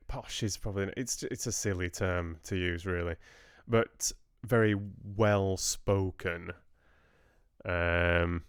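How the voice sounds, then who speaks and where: A man's voice: deep voice, fairly bright tone, smooth, no echo, clean studio sound. A man hosting a casual livestream book club, chatting and rambling to viewers with laughs.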